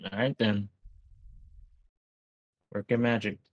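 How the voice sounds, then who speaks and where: A man's voice: fairly low pitch, little pitch movement, slow pace, no echo, muffled recording. A man playing a tabletop game, talking in slangy, joking banter and blunt in-character lines. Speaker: player.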